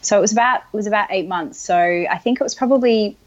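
A woman chatting casually as a guest, telling a story in a relaxed way and laughing often. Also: mid-range voice, fast talker. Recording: dull lo-fi sound.

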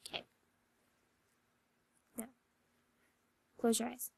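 A young woman in a whispered role-play, speaking softly and reassuringly as a comforting partner guiding a slow visualization into a close mic. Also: fairly high pitch, husky, no room sound.

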